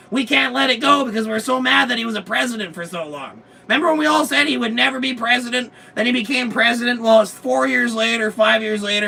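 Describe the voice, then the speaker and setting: A man putting on a mocking, loud voice of a smug male late-night TV host. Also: extremely high pitch, creaky, voice pushed up, full character voice. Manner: mocking, loud showman delivery. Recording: distant mic, noisy motorhome.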